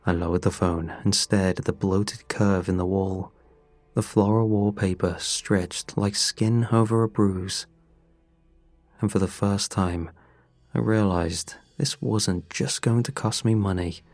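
A man narrating a first-person horror story in a measured, tense way. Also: low-pitched, steady tone, a little mellow, dry recording. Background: faint music.

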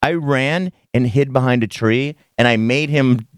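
A man's voice: mid-range voice, measured pace, no echo, clean studio sound. A man hosting a radio show, chatting casually and acting out the quotes in his stories with a raised voice. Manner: animated storyteller, acts out quotes in raised voice. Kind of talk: casual morning radio banter.

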